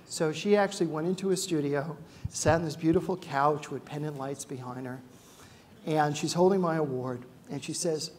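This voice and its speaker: A middle-aged man giving a ceremony speech, telling animated stories with frequent "uh" fillers and acting out the quotes. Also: on the high side, moderate pace, slight background noise. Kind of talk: storytelling speech to an audience.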